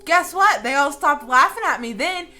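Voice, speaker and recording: A woman in her late twenties, telling a story to her viewers with a casual, swearing, theatrical delivery. Her voice is bright and crisp. Faint music plays behind her. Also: high-pitched, moderate pace. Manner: animated, profane, dramatic storyteller. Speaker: vlogger.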